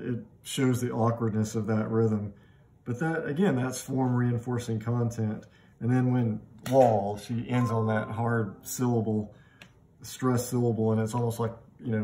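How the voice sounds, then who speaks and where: A middle-aged man lecturing on poetry in a relaxed, conversational voice at an ordinary pitch. He often restarts with doubled words as he thinks aloud. When he reads poem lines, he slows down and sounds them out. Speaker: literature lecturer. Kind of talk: recorded lecture.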